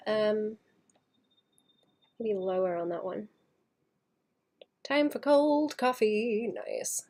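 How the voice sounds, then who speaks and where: Woman softly muttering while she paints. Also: medium pitch. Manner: soft muttering to herself, trailing into whispers; thinks aloud, second-guessing her work. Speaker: artist streaming her painting. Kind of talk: casual livestream chat while painting.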